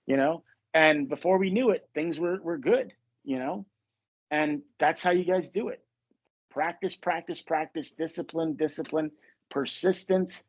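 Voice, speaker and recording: Heard through a muffled recording, the man speaks at a normal speed with a slightly high voice. As a podcast-hosting manifestation coach, he spins animated, joking stories peppered with plenty of cursing.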